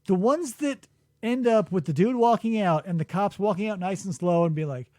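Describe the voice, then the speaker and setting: A man hosting a podcast in casual chat, telling stories in an animated way, acting out quotes and swearing freely. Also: high voice, normal speed, no echo, studio quality. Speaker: podcast host. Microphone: studio microphone.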